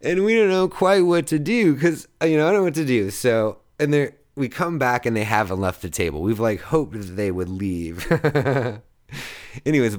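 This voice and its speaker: A man in his thirties with a somewhat low voice tells a loose, rambling story as a show host. He swears casually and often breaks into laughter at his own punchlines. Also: a little mellow. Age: 30s. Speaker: podcast host.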